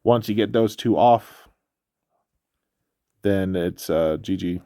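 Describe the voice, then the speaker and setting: Stuffy-nosed man, low gravelly voice, casual game walkthrough commentary, dry close mic. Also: slow, dry recording. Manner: relaxed, explanatory, with frequent fillers. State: stuffy nose. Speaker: gameplay commentator.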